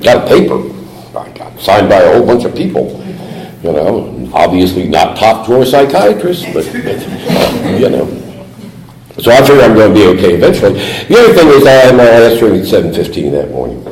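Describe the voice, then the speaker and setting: A man's voice: lowish voice, sing-song, fairly quick, a little mellow. A middle-aged man giving a humorous talk at a recovery meeting, telling his story with put-on voices. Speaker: AA speaker. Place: meeting hall. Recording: echoey hall recording.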